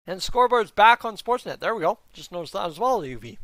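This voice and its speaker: A man's voice: high-pitched, very animated, fast, hardly any pauses, fairly bright tone, no room sound. A young man hosting a live hockey reaction stream, chatting with viewers and calling the play-by-play into a close mic. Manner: chatty, talks to chat, does play-by-play. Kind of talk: casual live-stream commentary.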